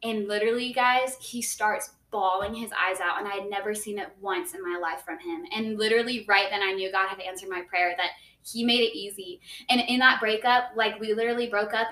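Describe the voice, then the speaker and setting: A young woman shares a personal faith story in an earnest, rambling way, full of "like"s and quick restarts. Her voice is bright. The recording has a roomy echo and she sits a little back from the mic. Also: mid-range voice, recorded from a distance. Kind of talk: casual faith testimony. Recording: echoey room, voice a bit off-mic.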